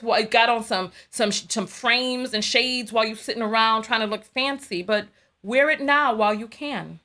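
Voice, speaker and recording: A woman's voice: a little high, moderate pace, pushed and bright. A woman hosting a livestream, reacting heatedly and reading out viewer donations. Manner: heated, repeats herself when angry. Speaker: host. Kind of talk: livestream commentary.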